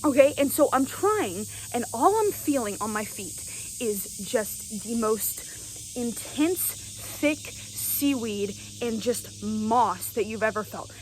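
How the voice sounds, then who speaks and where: A young woman telling a story to camera in a casual, animated way, often checking in with "right?". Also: fairly high pitch, slow pace, a little hiss or hum, rough recording. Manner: animated, keeps asking "right?". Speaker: vlogger.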